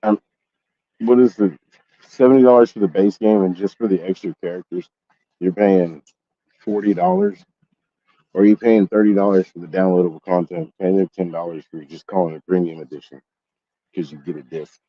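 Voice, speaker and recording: A man's voice: sits low, steady tone, normal speed, dry recording, lo-fi sound. A man telling a story in a casual gaming vlog, swearing and venting his frustration. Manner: profane, exasperated ranting. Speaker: gaming YouTuber.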